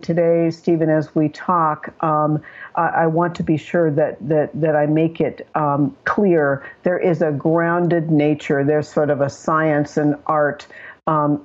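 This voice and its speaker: An older woman, a psychologist, telling her story in an interview, earnest and often restarting her sentences. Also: a little mellow. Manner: earnest, with frequent restarts and fillers. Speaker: psychologist and regression guide. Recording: muffled low-fidelity audio.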